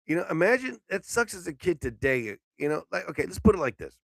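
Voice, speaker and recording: A sleepy man hosts a casual live stream, rambling through jokes and swearing with sudden loud outbursts. His voice sits a bit high and swings widely in pitch. The sound is dry and close, with faint crowd noise behind. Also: sing-song, fast, creaky, no room sound. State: sleepy, yawning. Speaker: live show host.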